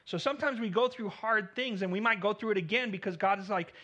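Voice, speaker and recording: Speaking fast in a high, bright voice, a male pastor preaches with earnest intensity. His volume climbs on important points and fades at phrase ends, and sometimes a word gets repeated as he starts over.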